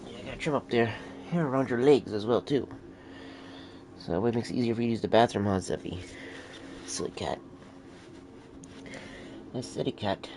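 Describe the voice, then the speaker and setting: His mid-range voice keeps a normal speed but leaves long pauses. The man, a console game streamer, is having a casual off-camera chat at home, using baby talk with his cat and swearing openly against a noisy home background.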